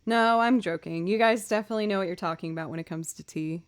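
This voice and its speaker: A woman's voice: mid-range voice, quick pace, clean tone. A young woman chatting casually with her stream viewers, bubbly and talkative, greeting people by name. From Boston area. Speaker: streamer and musician. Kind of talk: casual livestream chat.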